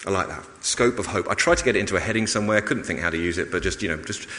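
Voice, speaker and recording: A man preaching a sermon in a measured, emphatic way, pausing and restarting as he explains a passage. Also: sits low, bright, forceful tone. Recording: long reverb of a large hall.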